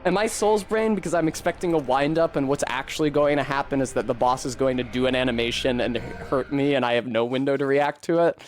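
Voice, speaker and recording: A man of medium pitch gives casual commentary on a boss fight, talking fairly quickly with few pauses. He swears a lot and vents at the boss in frustrated outbursts. Game music plays behind him, along with a little hiss or hum.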